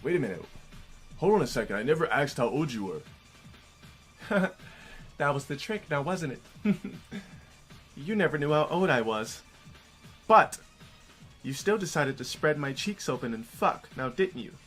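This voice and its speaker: Casting: man doing a gloating male blackmailer, slow taunts, scheming. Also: on the high side, lively intonation, fairly bright tone, soft background music. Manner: slow, taunting, with mocking laughs.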